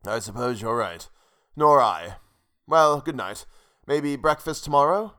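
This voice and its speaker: A male narrator voices a wry, aging, hard-drinking film actor in a storybook reading. His speech is dry and formal, near the reader's own middling pitch. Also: expressive, a little slow, bright, forceful tone, smooth. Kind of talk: audiobook character voice.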